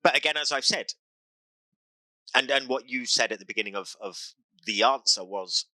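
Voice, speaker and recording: A man's voice: mid-range voice, normal speed, pushed and bright, no room sound, poor audio. A British man hosting a casual podcast as dungeon master, talking earnestly and restarting phrases as he gives advice.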